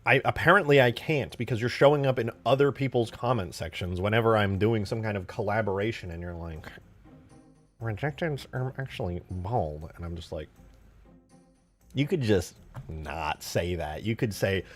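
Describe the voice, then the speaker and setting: A young man streams and banters with his chat in a lively voice that jumps up and down in pitch. He jokes, swears freely and rambles in an easy, casual way. Soft music plays faintly behind him. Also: normal speed. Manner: animated, swears often, jokey banter with chat. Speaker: streamer modding a video game.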